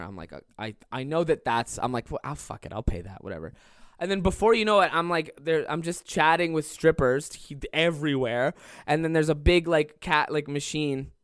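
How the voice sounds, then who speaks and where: A man's voice: a little high, fairly bright tone, clear, resonant tone, dry recording, studio quality. A young man telling a comedic story on a podcast, rambling and swearing, laughing as he goes. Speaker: podcast host.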